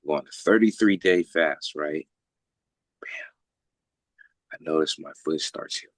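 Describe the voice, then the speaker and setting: A man with a very deep voice speaks unhurriedly, with no room sound, relating a long personal story in casual conversation. He's animated, swears freely, and acts out the voices of the people he describes.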